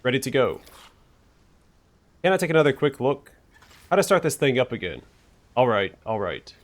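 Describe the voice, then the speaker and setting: A man's voice: mid-range voice, big pitch swings, moderate pace, lightly acted. A man reading the lines of a cocky, greedy young rogue in a game, talking breezily and teasing. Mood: breezy.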